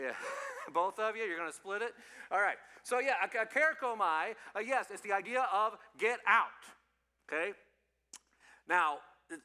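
A male pastor giving an animated, playful sermon to children and youth, quizzing the audience as he goes. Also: high voice, big-room sound. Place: church.

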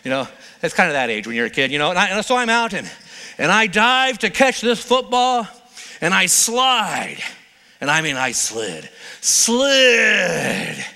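Bright, high-voiced male preacher in a hall. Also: sing-song, moderate pace, clean tone. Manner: storytelling, playful, conversational. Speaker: pastor. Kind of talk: sermon.

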